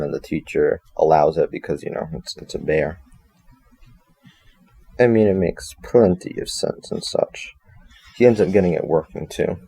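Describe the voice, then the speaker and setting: Deep-voiced man rambling through a story review. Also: warm tone, slightly rough. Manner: rambling, self-correcting, joking asides. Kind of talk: casual spoken review with read-aloud passages.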